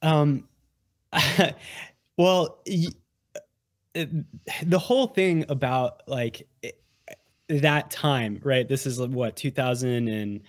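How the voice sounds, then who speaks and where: A man who is a guest on a podcast, chatting casually in an animated, rambling way with many restarts. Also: medium pitch, drawn-out words, pauses often, dry recording, clean studio sound. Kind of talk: casual conversational interview.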